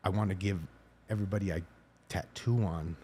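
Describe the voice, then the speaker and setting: Low-voiced guy on a podcast as guest, chill, kinda halting, faint background hum. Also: fairly even intonation, mellow. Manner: laid-back, laughs often, halting phrasing. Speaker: guest tattoo artist. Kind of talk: casual interview chat.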